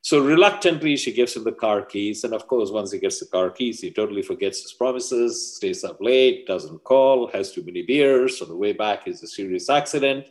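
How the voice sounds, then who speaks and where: A man's voice: on the low side, animated, normal speed, hardly any pauses, a little mellow. A man, a leadership coach, speaking as an interview guest and explaining his ideas with emphatic parables and stories. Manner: emphatic teacher, tells parables. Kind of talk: interview talk with storytelling.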